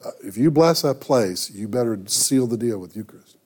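Mellow-voiced male pastor telling a story. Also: medium pitch, animated. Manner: conversational, halting with restarts. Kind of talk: sermon with storytelling.

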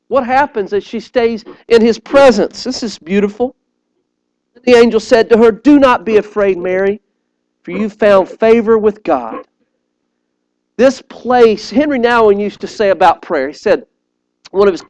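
A man's voice: high voice, a little slow, a little mellow, poor audio. A man preaching a sermon, telling stories with animation and often repeating words as he appeals directly to his listeners.

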